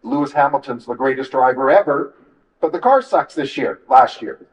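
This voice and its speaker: A man's voice: medium pitch, expressive, normal speed, recorded from a distance, rough recording. A man hosting an interview, speaking in a conversational, blunt and encouraging way. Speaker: interview host. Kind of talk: casual interview chat.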